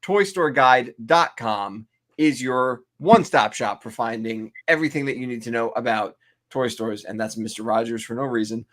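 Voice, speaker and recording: A man's voice: medium pitch, normal speed, fairly bright tone. A man co-hosting a casual podcast chat, an enthusiastic interviewer who gives promotional plugs. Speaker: co-host.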